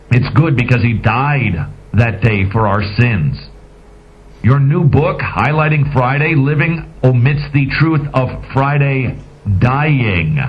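A man hosting a radio talk show, giving emphatic, sarcastic, preachy commentary on lo-fi audio. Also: medium pitch. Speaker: radio host.

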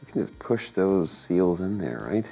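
Low-voiced man, sick, narrating garage work. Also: very animated, moderate pace, vocal fry, mellow, slightly rough, faint music behind. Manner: thinks aloud, hesitant fillers and self-corrections. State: sick, voice affected by illness. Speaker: home mechanic and channel host. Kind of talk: casual workshop narration while working. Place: home garage workshop.

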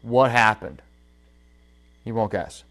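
A holster maker with a fairly low, gravelly voice speaks slowly as he hosts a relaxed livestream. He tells an animated story from his workshop and addresses his viewers directly.

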